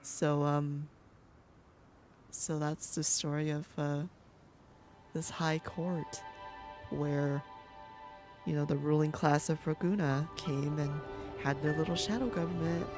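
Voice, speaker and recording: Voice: medium pitch, steady tone, slow pace, pauses often, a little mellow. Rambling, profane gameplay commentator over game music. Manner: chatty, rambling, swears freely, laughs often. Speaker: gaming content creator.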